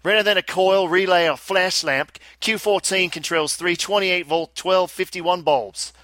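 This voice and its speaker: A man reading an email aloud in a put-on Australian accent, with a higher, louder, drawn-out delivery. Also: fairly even intonation, dry recording. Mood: mock-earnest. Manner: high, loud, drawn-out delivery.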